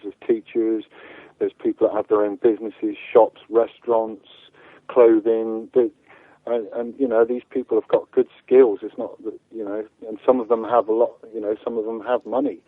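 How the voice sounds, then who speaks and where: A man speaks over a tinny, phone-like line in a fairly low voice that sounds dry and close. He talks earnestly as an activist guest, stumbling over his words and repeating them as he goes. The line is thin and narrow. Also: flat delivery, no room sound. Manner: halting, repeats words often. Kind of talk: earnest interview answers.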